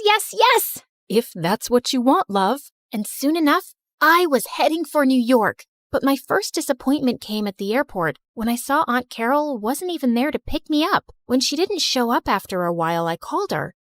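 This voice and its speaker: A woman narrating an animated story in the first person, in an expressive, confessional tone. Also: high voice, normal speed, hardly any pauses, no echo, clean studio sound.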